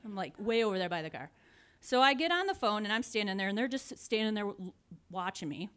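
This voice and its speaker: A woman in her forties telling a funny personal story in a casual, animated way, often laughing and acting out the people in it. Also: mid-range voice, brisk, clean tone.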